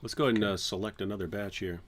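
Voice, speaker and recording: A man's voice: fairly low pitch, steady tone, fast. A man hosting a livestream in casual chat, joking and teasing his co-host. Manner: joking, teasing, breaks into mock singing.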